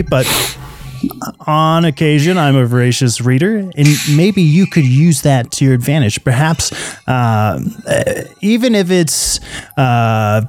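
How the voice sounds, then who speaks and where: Halting, self-deprecating podcast co-host man. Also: mid-range voice. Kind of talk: casual podcast chat.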